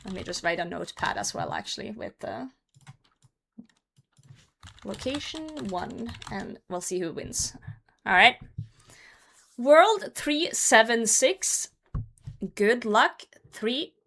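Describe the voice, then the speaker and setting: Bright-voiced young woman streaming casually. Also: mid-range voice, very animated, slow pace, vocal fry, pauses often. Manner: chatty, laughs often, talks to chat. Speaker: livestreamer hosting a hide-and-seek game. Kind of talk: casual live-stream chat.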